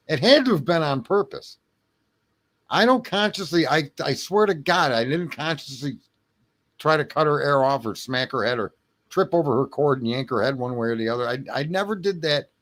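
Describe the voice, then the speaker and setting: A man hosting a late-night livestream, telling a rambling story with lots of swearing, laughter and throat clearing. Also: medium pitch. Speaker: livestream host. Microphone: home streaming mic.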